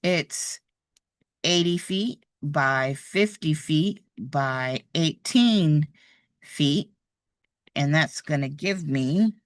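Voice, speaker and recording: A woman with a low voice teaches real estate exam math live online, and the studio sound is clean with no echo. She thinks aloud as she draws through each problem, patient and encouraging throughout.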